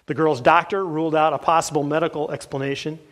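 A male pastor delivers a sermon, reading passages aloud from a book at an earnest, even pace. His voice sits a little higher than most men's, and he pauses now and then with a soft "uh". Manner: earnest, steady reading with filler "uh"s.

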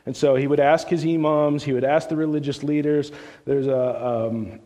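A middle-aged man preaching in a church sanctuary, his somewhat high voice trailing off into the long echo of a big hall. He talks loosely and chattily, restarting his sentences often. As a story builds, he grows animated and his voice climbs. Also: normal speed. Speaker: visiting speaker on church missions. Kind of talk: sermon storytelling. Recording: long reverb of a large hall.

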